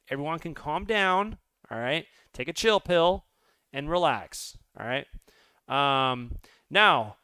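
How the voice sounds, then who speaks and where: A man who trades crypto, going over charts live in an excitable, rambling way and talking straight to his viewers. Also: mid-range voice, smooth, no echo. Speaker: crypto trader and channel host.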